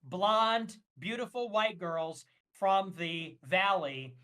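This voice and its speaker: A man's voice: sits high, takes it slowly, a bit bright. A man talking as a guest on a casual livestream, ranting emphatically and with strong opinions, with frequent fillers.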